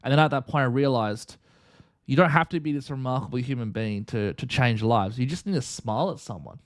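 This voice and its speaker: A young man, hosting a live stream and telling a lively personal story in casual chat. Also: mid-range voice, a little fast, no echo, clean studio sound. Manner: animated, chatty storyteller acting out dialogue. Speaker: streamer and host.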